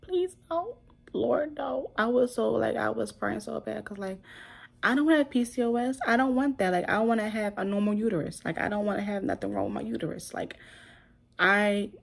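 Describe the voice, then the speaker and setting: A woman's voice: medium pitch, brisk, creaky. A young woman telling a personal story to camera in a casual, emotional, rambling way, full of "like" fillers. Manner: emotional, rambling, heavy use of "like". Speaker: vlogger.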